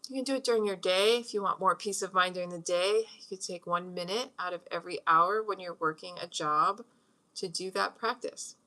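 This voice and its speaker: A woman's voice: fairly low pitch, brisk, pushed and bright. A middle-aged woman hosting a meditation talk at home, chatting casually and rambling, with frequent laughs. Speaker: host leading a meditation practice. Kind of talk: casual spoken talk with guided breathing.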